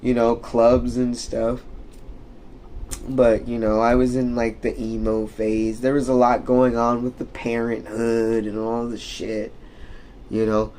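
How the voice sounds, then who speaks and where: A man's voice: mid-range voice, monotone, slow, warm tone, a little hiss or hum. A young man ranting and telling stories casually, rambling and swearing a lot with many fillers. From United States. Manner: rambling, profane, full of fillers. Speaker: streamer. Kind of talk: casual storytelling rant.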